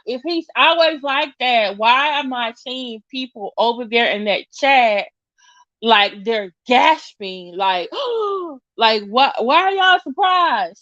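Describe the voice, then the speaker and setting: A woman's voice: on the high side, a bit bright, muffled recording. A woman hosting an online audio chat room, talking casually and slangily straight to her listeners. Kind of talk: casual live-audio commentary.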